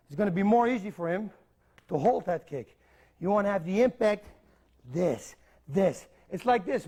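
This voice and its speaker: A man's voice: high-pitched, darkish tone. A middle-aged man, a Dutch native speaker, teaching kicking technique in an instructional video, giving direct cues and counting steps aloud. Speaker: martial arts instructor.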